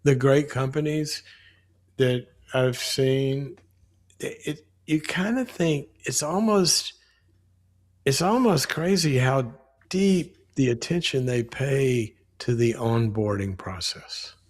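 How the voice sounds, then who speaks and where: A middle-aged man, a psychologist and author, speaking as a guest in a livestream interview over a video call, relaxed and jokey. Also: medium pitch, slow pace.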